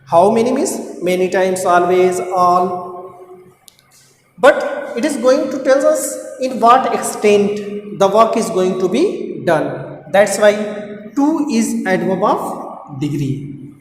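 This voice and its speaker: A male teacher with an Indian English accent walks through a grammar lesson at an unhurried pace, repeating points patiently. His voice sits in a roomy space with a long, ringing reverb. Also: sits high, lively intonation, slight background noise. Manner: slow, patient explaining with many repetitions.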